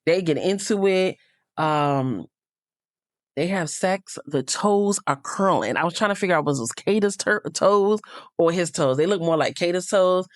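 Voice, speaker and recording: A woman's voice: on the low side, measured pace, no room sound, studio quality. A woman hosting a casual reality TV recap, chatty and gossipy, with frank asides.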